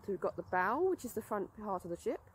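A woman leads a children's outdoor lesson with an animated, sing-song delivery. Her tone is upbeat and explanatory, like a friendly teacher. Faint outdoor sounds drift behind her. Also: medium pitch, quick pace, a little hiss or hum. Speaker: outdoor learning presenter.

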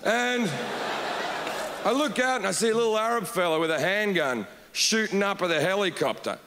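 A man telling a stand-up story on stage, deadpan with sudden shouted outbursts. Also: high voice, moderate pace. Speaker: stand-up comedian. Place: large comedy hall with audience. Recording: reverberant hall, noisy crowd.

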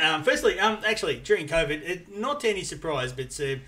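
Chatty middle-aged podcast host, bright voice, laughs easily. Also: male voice, a little high, sing-song, brisk. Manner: chatty, laughing often, many restarts and fillers. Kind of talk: casual chat.

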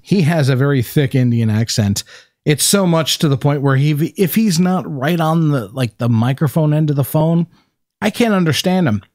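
A man's voice: a little high, expressive, moderate pace, darkish tone, no echo, clean studio sound. A man casually chatting and teasing on a live craft stream. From North Carolina, USA. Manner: joking, teasing. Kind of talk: casual chat.

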